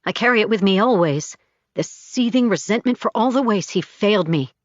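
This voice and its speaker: A woman narrating a first-person audiobook in an intimate, steady storytelling voice, on a slightly dull recording. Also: mid-range voice, brisk, dry recording.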